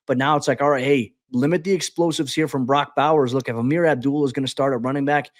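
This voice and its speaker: Fast-talking man breaking down football. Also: mid-range voice, no room sound, clean studio sound. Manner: rapid, animated, frequent stammered restarts. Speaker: guest podcast host. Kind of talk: casual sports analysis chat.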